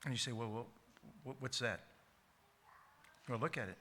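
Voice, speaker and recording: Bright emphatic preacher man. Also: medium pitch, a little hiss or hum. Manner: emphatic, repeats key words slowly, frequent restarts. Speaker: pastor. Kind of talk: sermon. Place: church sanctuary.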